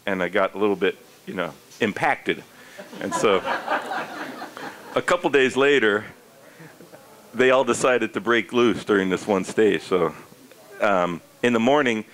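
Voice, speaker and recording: A middle-aged American man, a former pro bike racer, telling a comic story to a live audience. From United States. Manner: animated, jumps into high squeaky character voices for quoted people.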